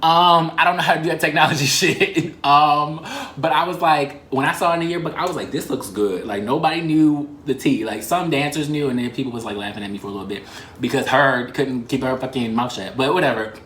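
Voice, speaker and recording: A man in his twenties telling an embarrassing story in a fast, animated and profane way, full of slang and "like" fillers. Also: on the high side. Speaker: vlogger. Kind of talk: casual storytime. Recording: roomy echo.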